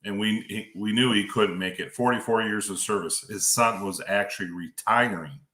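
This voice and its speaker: A man's voice: lowish voice, moderate pace, sharp tone, reverberant, slight background noise. A man calling in as a guest, a county road commissioner, talking in an easygoing, folksy way over a remote line. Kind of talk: casual remote interview. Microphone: phone or computer call.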